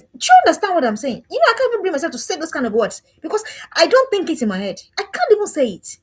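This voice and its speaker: A woman's voice: high-pitched, wildly swooping pitch, rapid-fire, few pauses. A woman giving an emphatic, preachy parenting talk with lots of repetition. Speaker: parenting coach.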